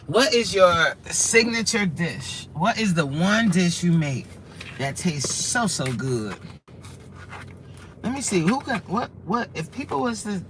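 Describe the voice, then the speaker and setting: A woman's voice: on the low side, big pitch swings, slow pace, slight background noise. A woman hosting a casual livestream from her car, chatting with viewers, exclaiming and reading their comments aloud. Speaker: livestream host.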